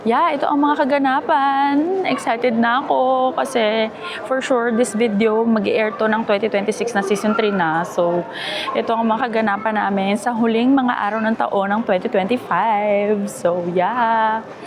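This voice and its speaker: A woman's voice: a little high, steady tone, normal speed, crowd noise. A woman vlogging casually, playful, mixing languages as she talks. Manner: playful, coos and repeats words to a baby; mixes Tagalog, English and Japanese. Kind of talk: casual family vlog chat.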